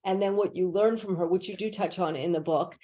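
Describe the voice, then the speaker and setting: A woman's voice: lowish voice, a little fast. A woman hosts a conversational podcast interview and affirms her guest as she goes. She sets up each question with a long, winding lead-in, over what sounds like a video call. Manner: warmly affirming, prompts with long setups.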